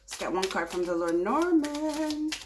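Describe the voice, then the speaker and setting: A woman's voice: a little high, big pitch swings, a little slow, background noise. Woman giving a soothing tarot reading. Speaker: tarot reader.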